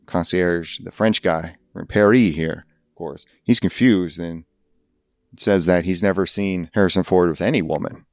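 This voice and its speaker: Male podcast host, low voice, rambling comic monologue, dry mic. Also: normal speed, dry recording. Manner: rambling, laughs at his own jokes.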